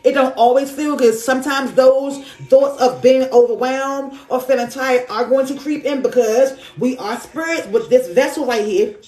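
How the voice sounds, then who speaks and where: This spiritual reader on a phone live stream has a high, slightly mellow voice with a roomy sound. Reading tarot, she keeps affirming things and repeating herself in loose, slangy chatter.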